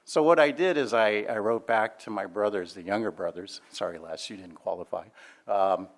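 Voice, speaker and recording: With a lowish voice at normal speed, an older man tells laughing, chatty stories about someone in his family. His reminiscing is anecdotal and peppered with many fillers.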